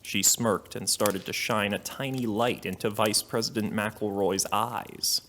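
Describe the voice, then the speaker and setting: A man giving a deadpan comedic reading of a fanfiction story. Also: on the low side, unhurried, a little hiss or hum. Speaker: fanfiction reader.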